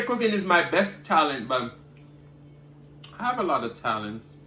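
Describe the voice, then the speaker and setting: A man's voice: on the high side, big pitch swings, moderate pace, pauses often, reverberant, a little hiss or hum. A man, talking casually to viewers while eating and humming over his food. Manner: eating with loud savoring hums between remarks; chatty, talking straight to viewers. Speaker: cooking vlogger. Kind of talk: casual mukbang chat.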